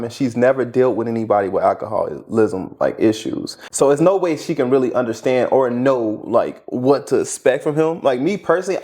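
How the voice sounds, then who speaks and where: A man co-hosts a story-reaction show. He muses on what he hears in a thoughtful way, at a middle pitch for a man. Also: darkish tone. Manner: reflective, talks from personal experience. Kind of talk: casual commentary.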